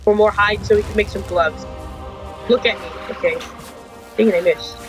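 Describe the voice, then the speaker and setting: A man's voice: high voice, normal speed, over music. A young man commenting on his gameplay, frustrated and complaining, with frequent mild swearing. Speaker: gaming channel host. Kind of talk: game commentary.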